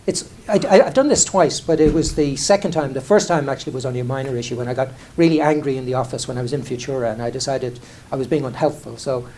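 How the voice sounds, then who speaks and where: A man's voice: mid-range voice, quick pace, hardly any pauses, a little mellow, a little hiss or hum. A middle-aged Irish man, an airline chief executive, telling candid, self-deprecating stories in a conversational way, full of restarts and "you know". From Ireland. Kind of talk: candid anecdotal talk on stage.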